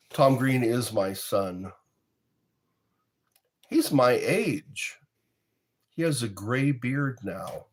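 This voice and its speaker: Slow, rambling middle-aged man. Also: medium pitch. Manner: rambling, sings snippets and quotes in goofy voices. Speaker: streamer chatting with viewers. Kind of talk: casual chat.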